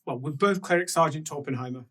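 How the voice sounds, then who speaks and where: A pair of sly male twin sergeants, voiced by the game master mutter to each other in hushed, low tones. The voice is husky and sits a little back from the mic. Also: fast, recorded from a distance, lightly acted. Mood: conspiratorial.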